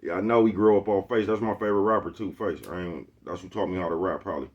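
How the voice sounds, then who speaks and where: Bay man, very low voice, loose slangy vlog rant, looping back on himself. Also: fairly even intonation, quick pace, muffled recording. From Oakland, California. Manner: slangy, rambling, keeps asking "you know what I'm talking about". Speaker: vlogger. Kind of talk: casual monologue to camera. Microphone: phone with Bluetooth earpiece.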